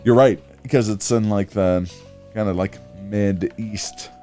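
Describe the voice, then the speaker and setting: Male streamer, lowish voice, loose rambling banter with laughs, faint music underneath. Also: fairly even intonation, a little slow, dark tone. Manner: rambling, laughing often, filler-heavy. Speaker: streamer and co-host. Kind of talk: casual let's-play chat.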